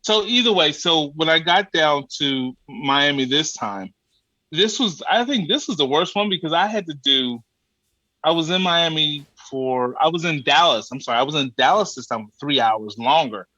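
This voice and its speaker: A man's voice: on the high side, normal speed, dry recording, lo-fi sound. A man guesting on a podcast, telling a comic travel story in a loose, colloquial way and acting out the people he dealt with. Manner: animated storyteller, acts out exasperated exchanges; colloquial, swears casually. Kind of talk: comic travel anecdote in casual chat.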